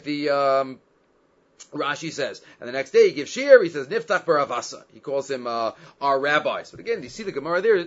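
High-voiced man giving a Talmud class. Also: fairly bright tone. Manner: mixes Aramaic quotes with English explanation, rhetorical questions. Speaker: rabbi teaching a Talmud class. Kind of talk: Talmud lecture. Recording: dull lo-fi recording.

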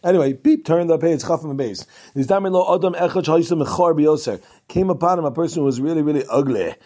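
A man's voice: a little high, fast talker, darkish tone. A man teaching a Talmud class, reading each passage aloud and then explaining it in casual English, with asides and restarts.

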